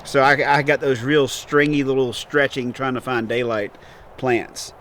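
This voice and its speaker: A man's voice: mid-range voice, level tone, measured pace, a bit bright, a little hiss or hum. A man chatting casually and teasingly while he plants seeds in a basement setup. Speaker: home gardening vlogger. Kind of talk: casual joking chat. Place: basement seed-starting setup.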